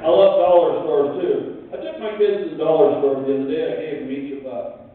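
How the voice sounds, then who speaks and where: A man's voice: a little high, fairly quick, a little hiss or hum. A man doing a live stand-up comedy set, telling stories and imitating the people in them, with asides to the crowd. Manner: storytelling with quoted voices and asides to the crowd. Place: live venue, stage. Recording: distant lo-fi live recording in an echoey hall.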